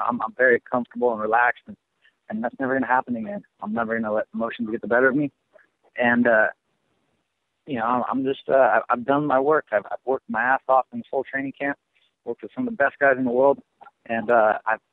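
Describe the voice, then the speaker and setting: A fighter answering press questions on a conference call, halting with lots of fillers, heard over a phone line. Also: male voice, medium pitch, vocal fry, no echo. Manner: halting, many fillers and restarts, dismissive. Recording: tinny dry phone line.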